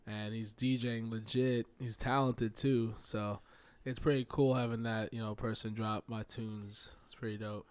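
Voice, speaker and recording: A man with a New York accent touched by a Southern twang, chatting casually as a guest musician on a podcast, laid-back and quick to laugh. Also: fairly low pitch, level tone, darkish tone, clean tone, no echo. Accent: New York with a slight Southern twang. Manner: laid-back, laughs often, loose slang.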